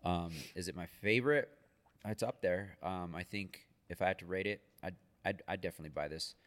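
A man's voice: low voice, brisk, fairly bright tone, in a large hall. A man co-hosting a casual podcast, talking in a blunt, emphatic and joking way. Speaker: podcast co-host. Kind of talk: casual chat.

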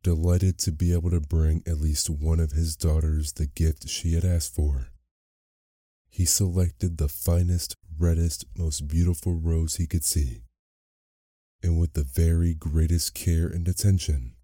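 A man narrating a bedtime story in a soft, unhurried way. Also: extremely low pitch, steady tone, no echo, clean studio sound. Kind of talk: slow bedtime story reading.

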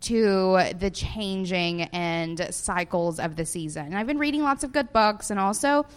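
A woman's voice: medium pitch, measured pace, clean tone. Chatty Southern woman podcast co-host. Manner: chatty, animated, laughs often. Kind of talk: casual podcast chat before a live audience.

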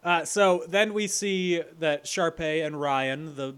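A man's voice: fairly high pitch, slow, a bit bright, clear, resonant tone. A young man co-hosting a podcast, recapping with dry, sarcastic jokes. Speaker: podcast co-host. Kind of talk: casual chat.

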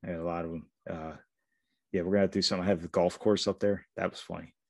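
Husky-voiced man telling profane stories. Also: low voice, quick pace, dry recording. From Pittsburgh area. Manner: profane, animated storyteller. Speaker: podcast co-host. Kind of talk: casual storytelling chat.

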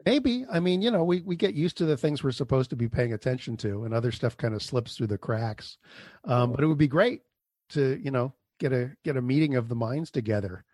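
A man hosting a podcast in a loose, chatty way, wandering through his sentences with fillers. His voice sits at an ordinary pitch. The sound is dry and close, with no room around it. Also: lively intonation, brisk, darkish tone, no room sound. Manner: chatty, rambling, with fillers and restarts. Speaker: podcast host. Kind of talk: casual interview chat and show outro.

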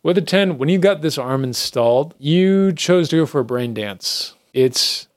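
A man's voice: on the high side, lively intonation, a little slow. A man narrating a tabletop role-playing game as game master, in a laid-back, chatty way.

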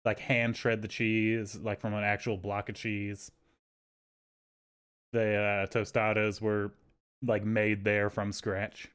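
A man's voice: on the low side, slow pace, smooth. A man on a podcast telling a rambling, profane story and acting out the people in it. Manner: animated, swearing, acts out quotes in raised voices. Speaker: podcast co-host. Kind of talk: casual storytelling chat.

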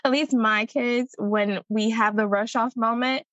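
A woman guest in a casual chat, expressive and quick to laugh, asking questions. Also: a little high, no room sound, dull audio.

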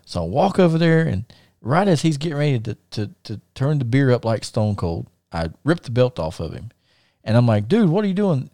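A man's voice: mid-range voice, normal speed, no room sound, clean studio sound. A middle-aged man, hosting a podcast and telling a story in casual chat, acting out the voices of the people in it. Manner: animated storyteller, acts out quoted voices; frequent fillers and restarts. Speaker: podcast host.

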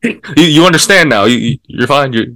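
A man co-hosting a podcast in casual chat, laid-back and teasing, quick to laugh. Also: medium pitch, lively intonation, fairly bright tone, dry recording. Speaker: podcast co-host.

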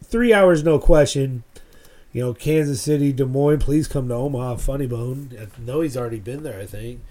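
A young man co-hosting a podcast, rambling and swearing as he tells stories excitedly in casual chat. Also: mid-range voice, normal speed. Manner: rambling, profane, excitable storytelling. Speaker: podcast co-host.

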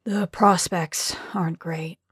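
A woman voicing a moody, weary husband in an audiobook, speaking low and subdued. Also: little pitch movement, a little slow, darkish tone, no room sound, studio quality, close to an everyday voice. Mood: glum. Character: glum husband, thirties, moody teacher.

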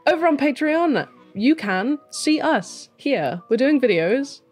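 A woman's voice: sits high, very animated, takes it slowly, a little mellow, faint music behind. A woman co-hosting a podcast, bubbly and teasing as she chats. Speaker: podcast co-host. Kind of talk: casual podcast chat, plugging the show.

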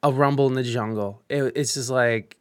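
A young man live streaming, telling a story in a casual, animated way with lots of swearing, fillers and restarts. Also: mid-range voice, moderate pace, dry recording, clean studio sound.

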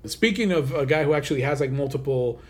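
A man's voice: on the high side, animated, quick pace. A man co-hosting a countdown list show, talking in an enthusiastic, loose way with lots of casual fillers. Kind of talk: casual chat.

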